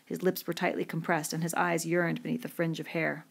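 A woman reading a novel aloud in a measured, descriptive way. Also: sits low, little pitch movement, gravelly, husky. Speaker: audiobook reader. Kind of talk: scripted narration.

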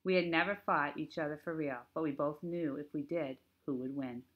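A woman narrating a novel in the first person as a teenage boy, steady and plain. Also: deep voice, normal speed, narrow, tinny audio. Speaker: audiobook narrator.

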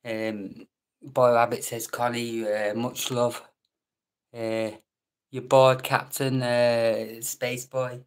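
British man, live stream chat host, flat monotone delivery, cheeky banter, occasional whispered asides. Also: medium pitch, slow, smooth. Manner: joking banter, reading out viewer names, some whispered asides. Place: room at home at night.

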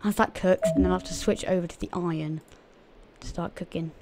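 A woman's voice: on the low side, fairly even intonation, a little fast, very noisy. A woman hosting a gaming channel, giving casual, chatty gameplay commentary to her viewers and often giggling.

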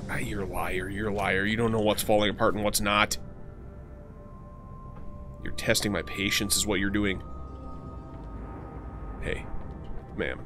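A man's voice: lowish voice, steady tone, a little slow, long pauses, over music. A man casually commenting on a game he plays, joking, swearing and talking to the characters. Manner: chatty, jokey, swearing, talks to game characters. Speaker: gaming channel host. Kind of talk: casual let's play commentary.

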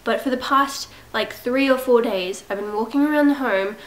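A woman's voice: on the high side, moderate pace, a little mellow, low-quality recording. A young woman with a cold, sounding congested, chatting casually to her camera at home in a rambling, self-mocking way. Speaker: vlogger. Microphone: camera set up at home.

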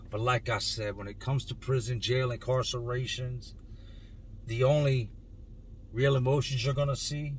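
Man in his 30s, vlogger, earnest emotional storytelling, mid-pitched voice, faint background noise. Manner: earnest, emotional, stretches words for emphasis. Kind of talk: personal storytelling to camera.

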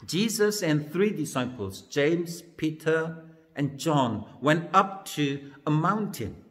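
A man's voice: a little high, lively intonation, a bit bright, big-room sound. A man serving as minister, reading a Bible passage aloud and then retelling it in a sermon. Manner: slow, careful reading then plain retelling. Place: church.

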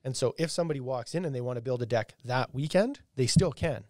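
A man chatting on a podcast in a relaxed, conversational way. He often acts out what he would say to a customer, and his voice is mid-pitched and dry. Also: fast, dry recording. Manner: conversational, acts out quoted dialogue. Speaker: podcast co-host. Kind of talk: casual podcast chat.

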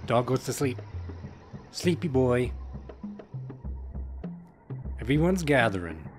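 Chatty man with animated pitch. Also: unhurried, long pauses. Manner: chatty, wry asides, laughs at game text. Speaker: let's play gamer. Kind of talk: casual gameplay commentary. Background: game music.

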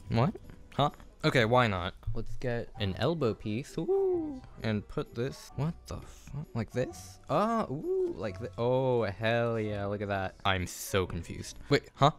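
Flustered young man with lively pitch. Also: measured pace. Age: young adult. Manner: flustered, self-mocking, swears often. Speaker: YouTuber. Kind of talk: casual vlog commentary while building. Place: home kitchen. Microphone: phone camera.

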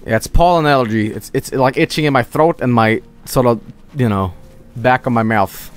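Over faint background music, a young man with a smooth, medium-pitched voice streams a game late at night at a moderate pace. He's drowsy and rambling, trailing off as he chats about play, and hay allergy leaves his throat itchy.

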